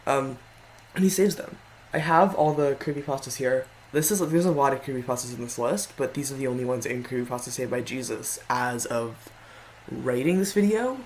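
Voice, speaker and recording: A man talking through a ranked list in a loose, rambling way, stumbling over his words and correcting himself as he goes. His pitch is mid-range, and faint background noise sits under the voice. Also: normal speed, rough recording. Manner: rambling, frequent self-corrections. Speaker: video creator. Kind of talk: casual tier-list commentary.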